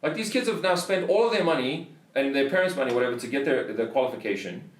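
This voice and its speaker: A man's voice: mid-range voice, expressive, quick pace, recorded from a distance. Ranting South African man, roomy sound. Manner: swears a lot, heated ranting. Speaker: podcast host. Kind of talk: casual storytelling.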